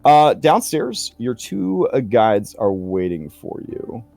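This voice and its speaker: A man's voice: lowish voice, sing-song, slow, gravelly, mellow, soft background music. A man running a tabletop game as game master, narrating in a chatty way full of fillers and jokey asides.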